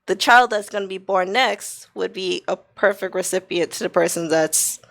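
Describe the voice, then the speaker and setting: Gravelly, sharp-tongued woman on voice chat. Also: medium pitch, normal speed. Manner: sharp-tongued, mocking, exasperated. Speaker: voice chat participant. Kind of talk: heated casual argument.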